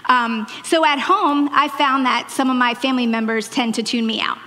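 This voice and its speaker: A woman in her forties from Long Island, New York, speaks from a church stage with a faded Long Island accent, her voice sitting high, pushed and bright, at a moderate pace with fairly even intonation. Her Mother's Day sermon is chatty and self-deprecating, and the sound carries a big-room quality.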